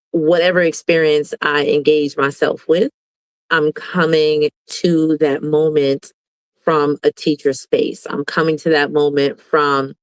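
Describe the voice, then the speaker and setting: A woman's voice: sits low, no room sound, low-quality recording. A woman educator from Brooklyn talks as a guest on an online panel. She speaks earnestly and effusively, full of gratitude, in a dry, close recording. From Brooklyn, New York. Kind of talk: casual video call chat.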